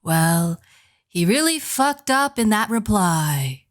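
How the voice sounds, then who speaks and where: A man voicing a smooth, laid-back woman who gives blunt advice in a slow, unbothered way. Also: high voice, big pitch swings, dry recording, clean studio sound, full character voice. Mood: languid.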